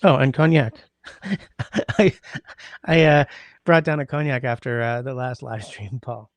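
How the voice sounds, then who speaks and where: Gravelly man chatting with livestream viewers. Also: mid-range voice, fairly even intonation, a little slow, dry recording. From Canada. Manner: rambling, greets chatters by name, hums while scrolling. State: congested sinuses. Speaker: livestream host. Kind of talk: casual livestream chat with viewers. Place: indoors at home.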